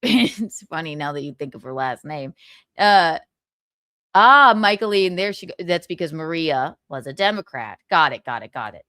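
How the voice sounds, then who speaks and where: A woman's voice: lowish voice, bright, forceful tone, dry recording, studio quality. A young woman hosting a livestream, chatting casually, reading viewer comments and laughing often. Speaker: livestream host.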